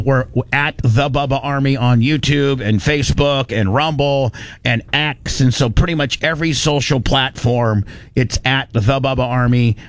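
A man's voice: medium pitch, dry recording. A man hosting a morning radio talk show, telling a story bluntly and heatedly, with some profanity, into a studio microphone.

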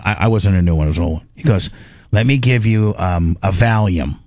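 A man's voice: low-pitched, a little fast, darkish tone, dry recording, clean studio sound. A middle-aged man hosting a radio show, telling a rambling, self-mocking story in casual chat with lots of restarts.

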